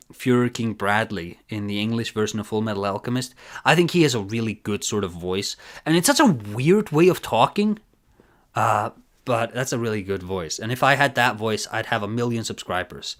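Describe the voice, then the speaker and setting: A man's voice: fairly low pitch, a bit bright. A man with a nasal voice streaming a live reaction, chatting casually in a rambling, giggly, self-deprecating way.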